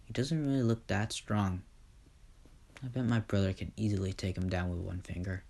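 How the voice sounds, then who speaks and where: A man's voice: fairly low pitch, fairly even intonation, moderate pace, creaky, a little mellow. A man voicing an arrogant teenage boy who calls himself the son of God, talking coldly and dismissively. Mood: cold, scornful. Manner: cold, dismissive.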